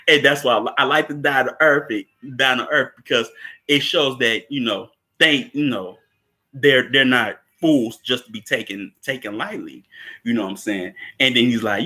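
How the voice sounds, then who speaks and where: A man casually recapping a film scene, laughing often, repeating words and acting out quotes in a higher voice. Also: normal speed, pushed and bright.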